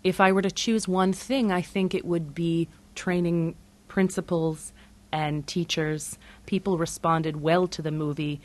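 A woman who directed a documentary, giving measured, thoughtful answers in an interview. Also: fairly low pitch, steady tone.

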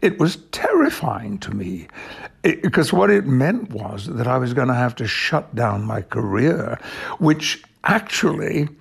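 Older actor, gravelly husky voice, unhurried anecdotes, chuckles often. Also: male voice, medium pitch, sing-song. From Yorkshire, England. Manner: measured storytelling with frequent chuckles. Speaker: actor, interview guest. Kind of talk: conversational anecdote.

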